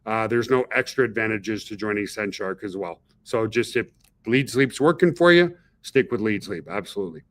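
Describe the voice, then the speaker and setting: A man's voice: lowish voice, moderate pace. Chatty man hosting a webinar. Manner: chatty, peppers talk with "okay?" and "guys". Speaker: webinar host, company founder. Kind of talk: casual webinar talk.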